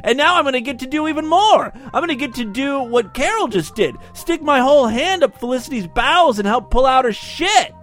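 A squealing, overexcited young woman, as a male narrator puts her on, her voice pitched far up and bouncing all over the place. She rushes through her lines in breathless delight. A soft bed of music plays behind her. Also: lively intonation. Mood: gleeful. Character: giddy, eager young adult woman.

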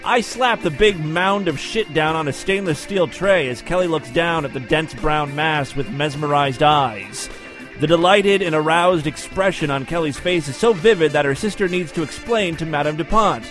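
A man with a notably high voice reads a scripted story aloud. His delivery is brisk and matter-of-fact, with the odd dry aside. Soft music plays quietly behind him. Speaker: narrator.

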